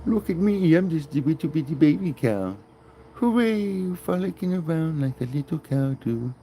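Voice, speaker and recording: Man putting on a squeaky giddy baby cow. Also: animated, normal speed, mellow, a little hiss or hum. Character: tiny playful baby cow, cheerful and bouncy.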